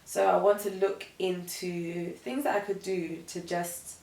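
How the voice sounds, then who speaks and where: Young woman talking it through, low gravelly voice, kinda far from the mic in an echoey room. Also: a little slow. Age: 20s. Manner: relaxed, reflective, uses many fillers. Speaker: guest. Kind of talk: casual chat.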